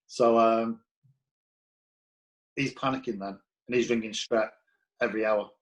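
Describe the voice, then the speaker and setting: A man's voice: fairly low pitch, fairly even intonation, measured pace, pauses often, low-quality recording. Blunt, profane male storyteller. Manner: profane, blunt, acts out quoted dialogue. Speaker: former footballer, podcast guest. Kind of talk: casual anecdotal storytelling.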